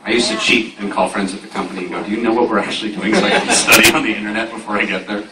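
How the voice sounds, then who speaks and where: A man speaking on a convention panel of voice actors, chatty and quick to laugh. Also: fairly low pitch, expressive. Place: large convention panel room. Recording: echoey hall from far off, noisy.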